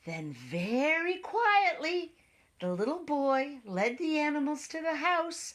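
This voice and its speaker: A woman reading a picture book aloud in an animated way, stopping to explain words for young listeners. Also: high-pitched, takes it slowly. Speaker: storybook reader.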